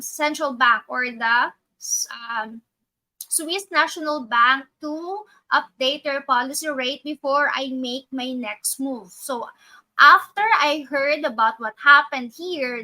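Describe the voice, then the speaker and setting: A woman guides viewers through a trading chart in a high, bright voice. She talks slowly and methodically, thinking aloud and correcting herself as she goes. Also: low-quality recording. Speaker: trading educator. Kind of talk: live trading walkthrough.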